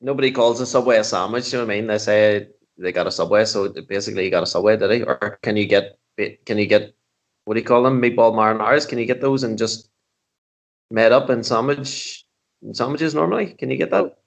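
A comedian with a lowish voice tells animated, swear-heavy anecdotes. He speaks in a relaxed, conversational chat. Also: brisk, creaky. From Northern Ireland. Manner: animated, profane storytelling. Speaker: comedian guest.

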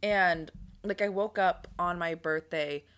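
A young woman retelling everyday stories in podcast chat, her voice bright and sharp. She sits a little low in pitch and fills her talk with "like" and laughter. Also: slow. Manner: storytelling with "like", laughing. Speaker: podcast co-host. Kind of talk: casual chat.

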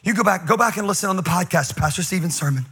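A man preaching a sermon, telling a comedic story, animated and full of asides. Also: sits high, fast, slightly rough. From North Carolina. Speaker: pastor.

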